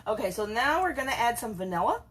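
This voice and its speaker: A woman's voice: big pitch swings, quick pace, heavy background noise. Chatty woman baking at home. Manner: rambling, talks to her cats in a high playful voice. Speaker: home cooking video host. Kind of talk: casual chatty cooking demo. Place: home kitchen.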